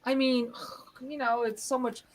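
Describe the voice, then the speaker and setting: A middle-aged woman hosts a live stream, telling a long story in a rambling, animated way. Her voice sits a little high, and she keeps acting out parts of the tale as she talks. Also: a little slow. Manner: rambling, animated, acts out moments. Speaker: host.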